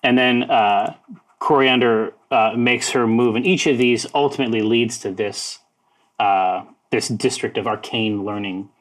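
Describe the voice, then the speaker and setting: Slow, halting man narrating a tabletop game. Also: medium pitch, fairly even intonation, poor audio. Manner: halting narration with many fillers, breaks into laughter. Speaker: game master.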